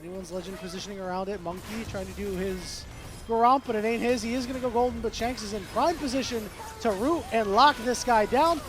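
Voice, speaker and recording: A man calling live esports play-by-play, rapid and excitable, bantering with his co-caster. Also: high voice, music in the background.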